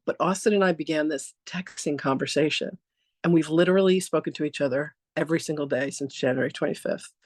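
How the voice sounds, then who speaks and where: A woman hosting a talk, introducing her guest through a chatty, animated story and often laughing. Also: low-pitched, normal speed, long pauses, dry recording, clean studio sound. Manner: animated, acts out dialogue with "I'm like".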